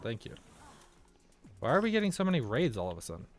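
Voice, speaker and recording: A man's voice: medium pitch, wildly swooping pitch, quick pace, soft background music. An American man chatting casually through a let's-play, rambling from thought to thought and talking to the game's characters. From United States. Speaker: gaming video creator.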